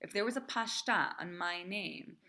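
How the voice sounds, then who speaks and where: A woman cantor teaching a class, speaking in a lively, emphatic way and chanting the names of the marks. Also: medium pitch, normal speed. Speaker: cantor teaching Torah reading.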